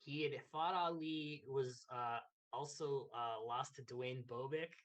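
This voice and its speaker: A male co-host in laid-back podcast conversation. He speaks at a medium pitch and hesitates a lot, reaching for words with many fillers. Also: takes it slowly, a bit bright, slight background noise. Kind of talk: casual chat.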